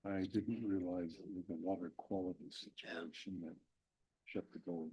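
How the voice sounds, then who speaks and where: Male councilman, husky and mellow, folksy report into a desk mic. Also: low voice, steady tone, normal speed, no echo, poor audio. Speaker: city councilman. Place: council chamber.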